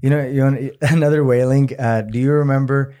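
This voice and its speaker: A man co-hosting a casual podcast chat, animated and profane, slipping Spanish phrases into his talk. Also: mid-range voice, a little fast. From Amarillo, Texas area. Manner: animated, swears a lot, mixes in Spanish phrases. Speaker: podcast co-host.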